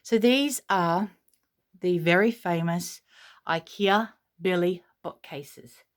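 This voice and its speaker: Soft-spoken Australian woman touring a nursery. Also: lowish voice, takes it slowly. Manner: soft-spoken, gushing, rambling with fillers. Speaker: vlogger. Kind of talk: casual home tour narration. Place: home nursery room.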